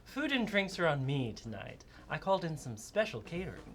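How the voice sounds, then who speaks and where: A woman's voice: sits low, sing-song, fairly quick, faint music behind. A woman voicing a generous, fun-loving female speakeasy owner with a breezy, indulgent way of talking.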